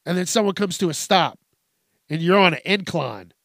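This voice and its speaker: A man's voice: sits high, expressive, moderate pace, vocal fry, a bit bright, no room sound, studio quality. A young man hosting a comedy podcast, ranting in a rambling, profane way and laughing at his own jokes. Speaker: podcast host.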